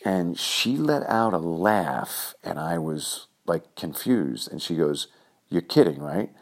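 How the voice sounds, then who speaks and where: A man's voice: low voice, slow pace. A man from New York telling a rambling personal story full of fillers and acted-out quotes. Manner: filler-heavy, animated, acts out quoted voices. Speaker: storyteller recalling his youth.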